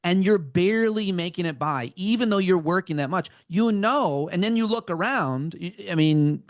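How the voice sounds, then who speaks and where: A man, a comedian guest on a talk show, giving his earnest opinion with halting restarts. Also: high voice, lively intonation, dry recording.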